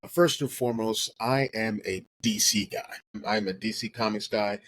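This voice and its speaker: A man hosting a casual geeky chat, excitable, stammering and restarting, his voice jumping high when animated. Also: moderate pace, dry recording, rough recording. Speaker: podcast host.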